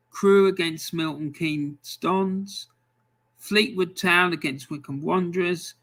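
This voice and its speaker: Casual male stream host, unhurried delivery with ums, bright tone. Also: sits high. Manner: chatty, reads out fixtures with frequent ums. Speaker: live football score stream host. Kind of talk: casual live-stream commentary.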